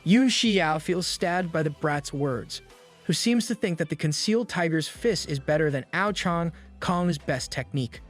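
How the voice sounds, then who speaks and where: A man narrating a manga recap in a brisk scripted delivery, dropping slangy jokes between plot beats. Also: on the high side, expressive. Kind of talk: scripted narration with quick asides. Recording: voice-over over soft background music.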